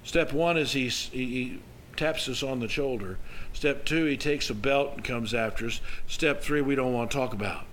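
A man's voice: mid-range voice, moderate pace, a bit bright, a little hiss or hum, poor audio. Older man preaching a folksy sermon. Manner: folksy storytelling with emphatic rises. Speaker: pastor.

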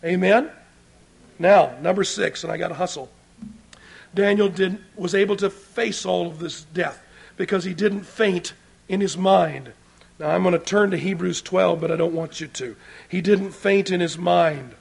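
A man preaching a sermon, moving between loud emphatic points and quiet asides to the congregation. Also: high-pitched, measured pace, creaky, husky.

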